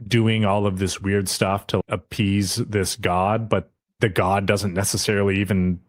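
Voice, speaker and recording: A man's voice: on the low side, flat delivery, a little slow, no room sound. Man retelling an anime episode, dry mic. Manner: retells scenes, briefly putting on the characters' voices. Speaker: podcast co-host. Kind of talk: casual recap of an anime episode. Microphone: podcast mic.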